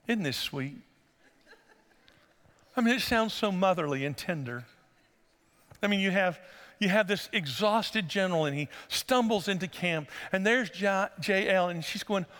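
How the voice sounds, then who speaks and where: A male pastor, preaching a sermon and telling stories, sometimes acting out voices in a high falsetto. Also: a bit bright. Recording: long hall reverb.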